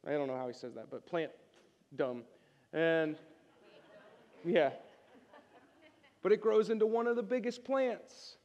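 A male pastor preaching a sermon, energetic and joking, calling on the congregation to answer back. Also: fairly high pitch, a little slow, creaky, pauses often, big-room sound, muffled recording. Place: church sanctuary.

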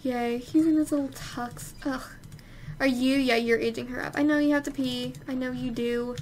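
A young let's play host with a high-pitched, darkish voice and fairly even intonation chats at a moderate pace during a life-sim game. Her casual commentary includes exclaiming at the characters and scolding them.

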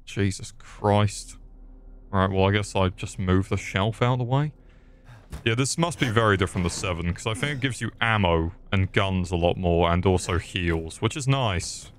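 Young man, lowish voice, sarcastic, swearing, jokey let's play commentary, faint ambience behind. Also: slight background noise. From England. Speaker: gaming youtuber.

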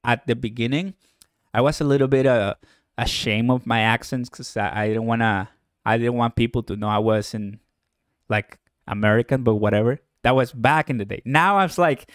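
A man's voice: medium pitch, moderate pace, no room sound, clean studio sound. A young man from Puerto Rico with a Puerto Rican Spanish accent, hosting a casual livestream and upbeat as he reads out viewer comments. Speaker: livestream host.

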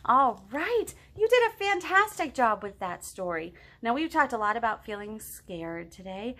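A middle-aged woman leading a children's storytime, reading a picture book aloud in a gentle, encouraging way and asking the children questions. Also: fairly high pitch, big pitch swings, normal speed.

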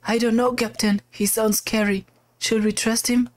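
Man voicing a robot chief officer, high-pitched, eager, dutiful, game sidekick. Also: level tone, moderate pace, close to an everyday voice.

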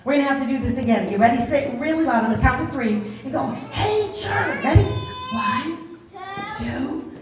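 A bubbly, high-energy woman leads a live children's show with a bright, higher voice, coaxing young kids to clap and sing along. She is picked up from a distance, so her voice swims in a very echoey room. A clear layer of noise runs underneath. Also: racing, few pauses. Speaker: children's music performer.

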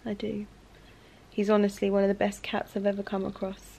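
A young woman vlogging at home in a chatty, casual way, often dropping to soft, hushed speech. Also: medium pitch, monotone, brisk, creaky. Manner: chatty, with frequent fillers like "like" and "um". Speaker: lifestyle vlogger. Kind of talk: casual chat to camera.

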